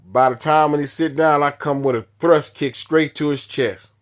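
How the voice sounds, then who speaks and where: A man's voice: fairly high pitch, steady tone, normal speed. Blunt man telling a story. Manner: acts out dialogue with many quoted lines; repetitive, blunt, punchy phrasing. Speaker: storyteller recounting his past. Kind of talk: casual spoken storytelling.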